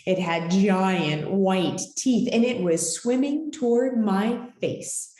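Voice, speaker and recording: A woman's voice: mid-range voice, slow, dark tone, roomy sound. A woman reading a children's picture book aloud as storyteller, with dramatic, swooping delivery.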